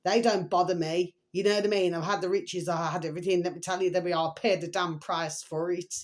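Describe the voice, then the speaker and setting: Chatty emotional woman, slightly low. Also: steady tone, quick pace, darkish tone. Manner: chatty, emotional, repeats pet phrases. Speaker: vlogger. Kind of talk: rambling casual monologue to viewers.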